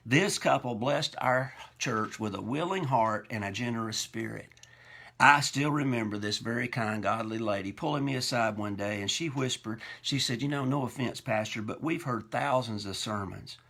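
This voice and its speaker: A male pastor telling folksy stories from the pulpit with a self-deprecating touch. His voice has a gravelly, creaky texture and a bright, forward tone at an ordinary male pitch. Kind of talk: storytelling sermon.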